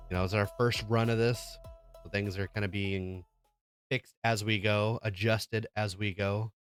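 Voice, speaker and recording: A man's voice: on the low side, little pitch movement, measured pace. Easygoing man with faint music behind. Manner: easygoing and laid-back. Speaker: podcast co-host. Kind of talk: casual chat.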